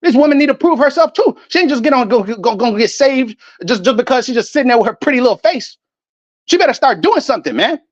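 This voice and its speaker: A man's voice: extremely high pitch, lively intonation, fast, no room sound, muffled recording. A man delivering an angry, profane, preachy rant to camera, quoting scripture between outbursts. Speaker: online street preacher. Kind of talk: ranting religious monologue.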